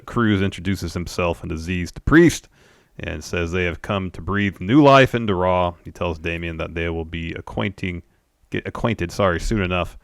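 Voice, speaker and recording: A man's voice: sits low, dry recording, studio quality. A man co-hosting a podcast, methodically retelling a wrestling show's events step by step. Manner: steady, methodical retelling with fillers. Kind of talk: play-by-play recap.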